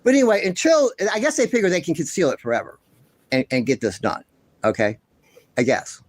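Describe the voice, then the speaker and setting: A man hosts a ranting commentary vlog, speaking with heated, indignant passion and liberal swearing. His voice swings widely in pitch as he hammers the same points again and again. The sound is dry and close, with no room echo. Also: wildly swooping pitch, a little fast. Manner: repeats himself insistently. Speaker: commentary channel host.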